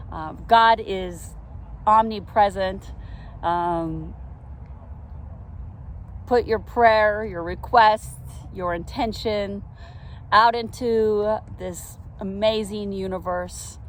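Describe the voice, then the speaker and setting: Slow, earnest woman in a park. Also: mid-range voice, slight background noise. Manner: earnest, reflective, with soft laughs. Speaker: vlogger telling a faith story. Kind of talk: casual personal storytelling. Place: outdoors in a park.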